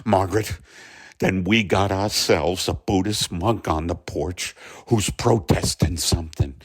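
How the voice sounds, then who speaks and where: A hoarse man playing an anxious, pleading middle-aged husband in a comedy sketch, with a gravelly voice. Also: deep voice, unhurried. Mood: weary, anxious. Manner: weary, pleading, frets aloud. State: hoarse from bronchitis.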